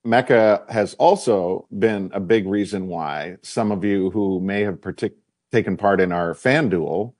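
A man's voice: sits low, a little slow, darkish tone, no room sound, clean studio sound. A man hosting a casual sports talk show, easygoing and leading into promos.

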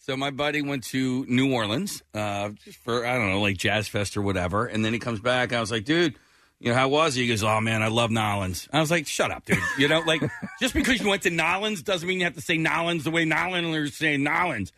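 A man's voice: medium pitch, fairly quick, dry recording. A man co-hosting a morning radio show, telling stories with lots of laughter. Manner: animated storyteller, laughs a lot. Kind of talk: casual morning radio banter.

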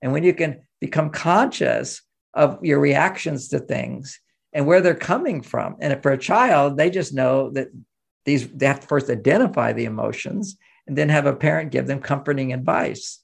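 A man's voice: medium pitch, moderate pace, vocal fry. An older man, speaking as an interview guest and telling stories with acted-out quoted voices. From United States. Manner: animated storyteller, acts out quoted voices. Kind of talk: interview conversation.

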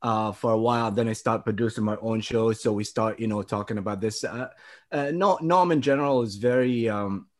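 A man's voice: lowish voice, brisk. A man who works as a comedy producer, a guest on a podcast, talking casually with lots of hesitation and fillers.

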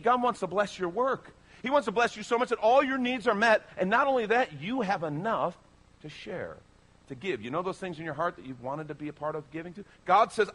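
A man pastor delivering a sermon, speaking emphatically and persuasively to his congregation. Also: fairly quick. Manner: animated, emphatic preaching with sweeping pitch.

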